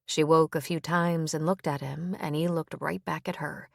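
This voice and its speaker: A woman narrates a novel in an even, measured way. Her voice sits low with plenty of gravelly fry, and the recording is close and completely dry. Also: no room sound. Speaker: audiobook narrator. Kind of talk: scripted narration.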